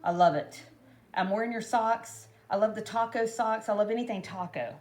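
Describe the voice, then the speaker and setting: A woman's voice: on the high side, normal speed, a little mellow. A woman chatting casually and rambling through a home DIY tutorial, full of asides to her viewers. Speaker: craft vlogger. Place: home kitchen.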